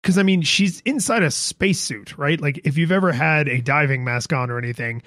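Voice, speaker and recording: A man co-hosting a casual podcast about video games, chatty and quick to laugh. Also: a little high, fairly bright tone, dry recording, clean studio sound. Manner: chatty, laughs easily, does little sound effects. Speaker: podcast co-host.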